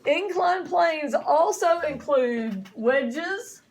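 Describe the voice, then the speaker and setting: Woman science teacher, high voice, folksy and chatty in front of a class. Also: expressive, very slow, a little hiss or hum. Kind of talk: classroom lecture.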